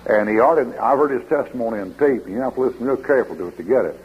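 A man's voice: medium pitch, animated, racing, husky. A man preaching a sermon, telling folksy stories and reading scripture aloud. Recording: dull lo-fi old radio broadcast.

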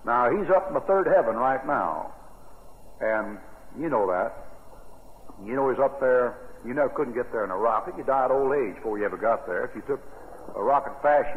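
An older American man preaching a sermon on Bible verses in a folksy, rambling way. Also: medium pitch. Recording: tinny old radio broadcast with long reverb.

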